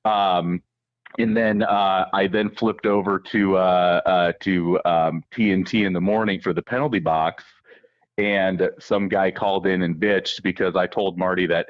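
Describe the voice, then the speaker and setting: Low-voiced man calling in over a dull line. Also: fairly even intonation, no echo. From Iowa. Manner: chatty, halting, many fillers. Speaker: caller, former producer. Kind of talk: casual radio chat.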